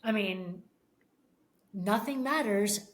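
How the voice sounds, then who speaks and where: Woman, middle-aged, podcast guest, halting emotional storytelling, conversational. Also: mid-range voice. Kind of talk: casual conversation.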